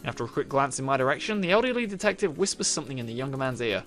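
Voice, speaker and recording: A man's voice: mid-range voice, expressive, racing, fairly bright tone, soft background music. A man playing through a visual novel, reading its narration aloud and reacting with swearing and laughter. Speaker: gaming youtuber.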